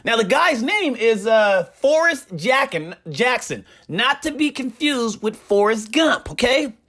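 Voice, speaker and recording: Animated man telling gaming gossip. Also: very high-pitched, a little slow. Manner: animated storytelling with a repeated catchphrase. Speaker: gaming community commentator. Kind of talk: casual commentary.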